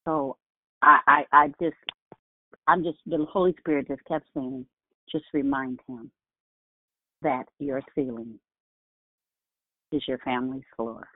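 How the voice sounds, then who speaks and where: A woman's voice: very deep voice, fairly even intonation, a little slow, long pauses, no echo. Fervent churchwoman caller on a phone line. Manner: fervent, affectionate, stammering. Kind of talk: casual church call-in.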